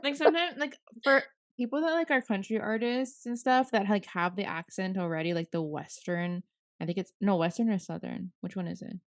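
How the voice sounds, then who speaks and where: A woman's voice: medium pitch, fairly quick, no room sound, clean studio sound. A young woman in her twenties co-hosting a podcast, rambling casually with lots of "like". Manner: rambling, heavy use of "like". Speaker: podcast co-host. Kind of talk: casual chat.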